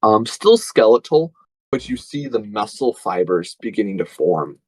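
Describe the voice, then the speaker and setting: A man's voice: lowish voice, sing-song, normal speed, a little mellow, breathy edge, no room sound, rough recording. Casual man game master, dry sound. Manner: casual, many fillers and restarts. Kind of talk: narrating a tabletop game.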